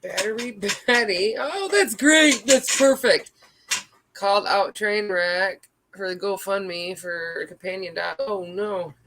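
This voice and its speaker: Thirties mom streaming live, talks slow, rambles n swears, reads chat out loud. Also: female voice, medium pitch, background noise. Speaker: livestreamer chatting with viewers. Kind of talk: casual livestream chat.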